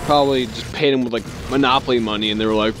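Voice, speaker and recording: A man's voice: steady tone, very fast, noisy background. Foul-mouthed young man telling work stories. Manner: swears constantly, rambling and sarcastic; acts out quoted people with jumps in pitch. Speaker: vlogger. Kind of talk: casual storytelling vlog.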